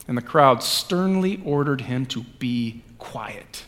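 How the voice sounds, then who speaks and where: A man's voice: a little high, expressive, moderate pace, few pauses. Reverberant man preaching in a church. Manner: reads scripture with dramatic swings from hushed to loud; conversational asides with fillers. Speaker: pastor. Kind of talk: sermon with scripture reading.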